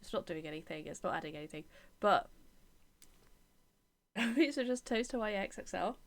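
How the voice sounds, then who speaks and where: A woman streams a game, reading its text aloud and chatting with viewers between passages. She talks in an opinionated, chatty way, slipping into soft whispered asides and little giggles. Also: medium pitch, gravelly.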